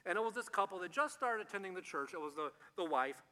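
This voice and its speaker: A man's voice: high-pitched, expressive, fast talker, bright, forceful tone. A male pastor giving a sermon in a church. He tells stories in a conversational way, asks the congregation questions, and often stumbles and repeats words. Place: church sanctuary. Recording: long hall reverb from a church.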